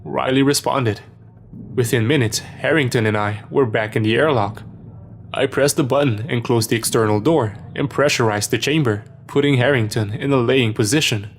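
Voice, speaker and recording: A man narrating a first-person horror story in a steady, measured way, in a scripted storytelling style. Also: mid-range voice, a little hiss or hum.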